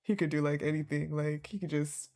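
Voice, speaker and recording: A woman's voice: low-pitched, fairly even intonation, brisk, noisy background. A woman streaming her reaction to a game, reading the story aloud and laughing a lot. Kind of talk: casual live reaction.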